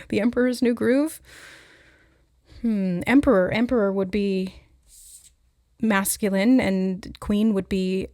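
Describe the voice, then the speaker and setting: A woman giving a spontaneous spiritual reading, musing aloud with hesitant pauses as she relays what she senses. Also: mid-range voice, steady tone, darkish tone, dry recording, clean studio sound. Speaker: intuitive oracle reader.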